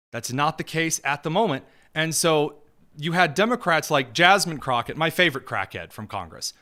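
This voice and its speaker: A male host delivering opinionated political commentary in a sarcastic, mocking, rapid-fire way. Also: on the high side, bright, forceful tone.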